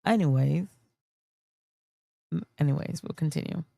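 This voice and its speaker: A woman's voice: low-pitched, moderate pace, creaky, mellow, dry recording, clean studio sound. A woman hosting a livestream, talking casually and emotionally, swearing often and rambling. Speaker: streamer host.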